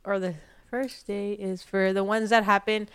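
A woman's voice: mid-range voice, flat delivery, measured pace, fairly bright tone, clean tone. A young woman co-hosting a podcast, rambling in casual chat with lots of fillers and restarts. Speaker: podcast co-host.

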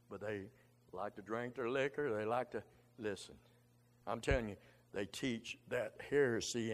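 A man preaching a fervent, colloquial Baptist sermon, dropping "amen" after nearly every thought. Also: mid-range voice. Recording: long hall reverb.

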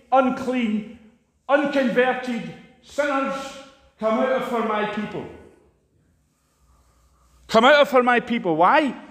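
A high-pitched male preacher delivers an impassioned, fiery sermon. He climbs to loud, emphatic peaks, then falls back into hushed asides.

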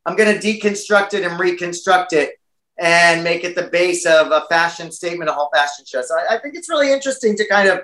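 Brief: American man, chatty interview guest, high and bright, roomy echo. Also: fast. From United States. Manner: chatty and animated, many fillers. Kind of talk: casual interview chat.

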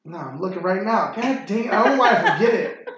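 A man's voice: high voice, expressive, quick pace, a bit bright. A man hosting a casual sports chat podcast, rambling and swearing freely. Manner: rambling and profane, frequent fillers. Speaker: podcast host. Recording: echoey room, muffled sound.

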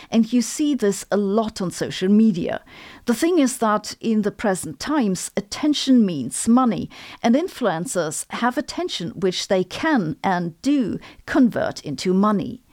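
A woman's voice: medium pitch, darkish tone. German-accented woman giving a dry lecture. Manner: lecturing with dry sarcastic jokes. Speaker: physicist and video host. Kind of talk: scripted educational monologue.

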